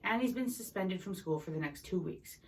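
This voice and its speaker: A woman's voice: mid-range voice, expressive, moderate pace, a little mellow, distant mic, lightly acted. A woman reading a firm, protective father.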